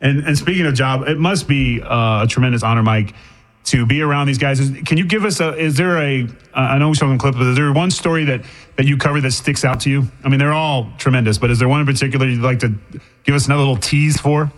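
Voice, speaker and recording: A man's voice: mid-range voice, fast talker. A male radio host from the Boston area, asking chatty, jokey questions that stumble and restart. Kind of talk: casual radio interview.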